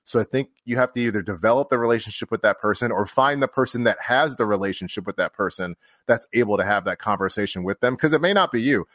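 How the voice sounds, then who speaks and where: Male fire officer guest, lowish voice, dry close sound, candid storyteller who acts out quotes and swears freely. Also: fast, few pauses, a bit bright, no room sound. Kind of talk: storytelling in casual conversation.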